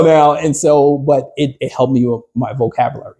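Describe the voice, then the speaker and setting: Man, business coach, husky mellow voice, rambling workshop chat, fillers and restarts, questions to the group. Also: medium pitch, normal speed. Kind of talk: workshop talk to a small group.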